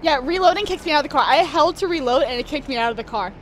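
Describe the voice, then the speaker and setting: A young woman streaming a shooter game, chatting casually, laughing and talking back to the game with sudden excited yelps. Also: high-pitched, racing, a little hiss or hum. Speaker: streamer playing a shooter campaign. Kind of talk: casual let's-play commentary.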